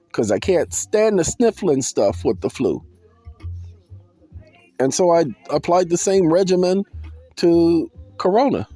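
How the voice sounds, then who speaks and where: A vlogger speaks to his viewers in a loose, animated monologue, calling out to them and breaking into sing-song bursts while soul music plays underneath. His voice sits on the high side, and there's no echo.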